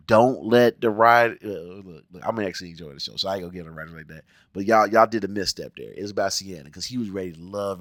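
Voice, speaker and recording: A man's voice: fairly low pitch, fairly bright tone, dry recording, studio quality. Blunt, profane man ranting a show review. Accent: American, Cincinnati area. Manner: blunt, profane, exasperated ranting with mock voices. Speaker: TV review vlogger. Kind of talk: casual, animated show review.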